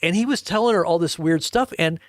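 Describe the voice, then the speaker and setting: A man's voice: a little high, brisk, dry recording, studio quality. Rambling man telling stories to a live chat. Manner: rambling, chuckling, addresses viewers directly. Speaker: livestream host. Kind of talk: casual storytelling to a live chat.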